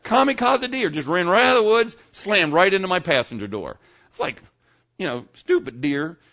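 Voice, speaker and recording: Folksy pastor preaching, lively pitch. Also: male voice, normal speed, lo-fi sound. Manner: folksy, conversational preaching with frequent "okay?" check-ins. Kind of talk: sermon.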